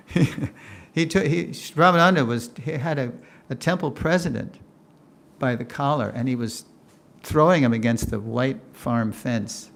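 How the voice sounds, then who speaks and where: Gravelly older man telling a story. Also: medium pitch, measured pace, long pauses. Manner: animated storytelling, acts out quotes, laughs often. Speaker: lecturer. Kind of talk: storytelling lecture.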